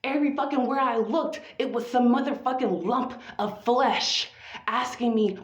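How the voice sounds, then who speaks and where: Woman, fairly high voice, profane spoken-word monologue, theatrical and drawn out, echoey lo-fi room recording. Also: normal speed.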